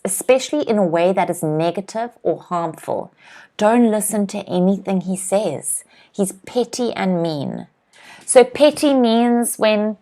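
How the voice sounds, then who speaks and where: A young woman teaching English in a live online lesson, reading out viewers' comments and drilling new words with clear, slow pronunciation. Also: medium pitch. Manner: clear, slow word-by-word pronunciation drills with frequent "okay?" checks; reads viewers' comments aloud and laughs lightly.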